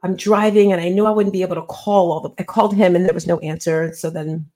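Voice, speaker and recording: A woman's voice: on the low side, fairly even intonation, fast, dark tone. A middle-aged woman, an interview guest and author, earnestly retelling a personal story in a conversational way and acting out the dialogue.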